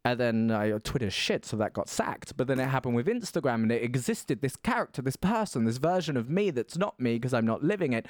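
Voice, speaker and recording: A man's voice: medium pitch, sing-song, brisk, hardly any pauses, dry recording, clean studio sound. A man who performs as a drag queen, talking in a rambling, campy, theatrical way and calling people darling. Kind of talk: casual interview chat. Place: indoors, seated.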